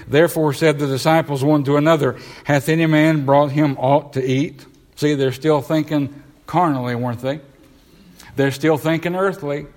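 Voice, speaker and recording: A middle-aged man preaches in a church, his voice a touch higher than most men's. He reads verses aloud and fires rhetorical questions at the congregation. The hall adds a long, ringing reverb to every line. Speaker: pastor. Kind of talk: sermon. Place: church sanctuary.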